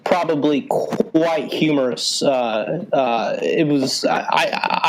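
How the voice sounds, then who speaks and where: A man's voice: a little high, slow pace, hardly any pauses, low-quality recording. Young man joking in a mock-serious tone. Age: young adult. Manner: mock-serious, breaks into laughter, stumbling restarts. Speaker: podcast host. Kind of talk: casual ironic chat.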